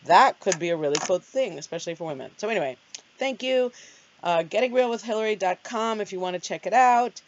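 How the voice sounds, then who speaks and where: A woman's voice: medium pitch, lively intonation, a little fast. A middle-aged woman hosting her own vlog, chatting casually and rambling in a self-deprecating way. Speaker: vlogger host. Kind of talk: casual chat. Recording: dull lo-fi sound.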